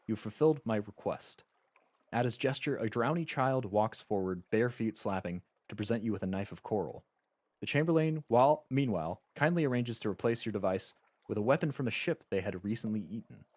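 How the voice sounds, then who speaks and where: A man's voice: fairly low pitch, expressive, a little fast, darkish tone, dry recording. A man streaming a game live, reading its story text aloud and chatting casually with frequent stammered restarts.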